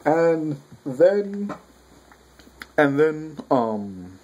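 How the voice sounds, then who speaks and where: A man giving a rambling, profane, casual manga review, talking loud with a clogged ear and often restarting his sentences. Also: a little high, sing-song, extremely slow, breathy edge. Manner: rambling, profane, self-interrupting.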